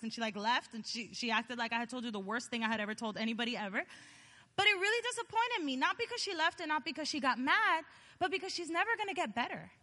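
A woman preaching a sermon, animated and chatty, joking with her listeners as she tells a story. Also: high voice, in a large hall. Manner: animated, chatty, jokes with the audience.

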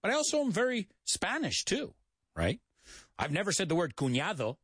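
A man's voice: sits high, wildly swooping pitch, moderate pace, fairly bright tone, husky, no echo, clean studio sound. An American man hosting a radio show, teaching English in a playful, jokey manner and mixing in Spanish explanations. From United States.

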